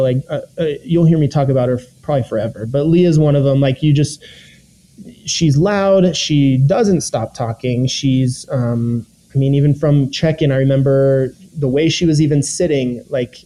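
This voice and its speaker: A man's voice: a little high, dark tone, low-quality recording. A young man and former reality show contestant, casually recounting his experience with lots of fillers and self-quotes. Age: young adult. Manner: rambling, filler-heavy, quotes his own thoughts.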